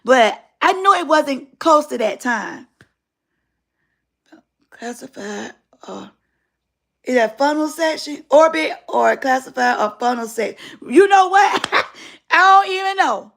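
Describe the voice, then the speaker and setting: A woman's voice: sits high, lively intonation, slow, creaky, pauses often, fairly bright tone. A middle-aged woman hosting a live stream, telling a personal story in a casual, colloquial and emphatic way.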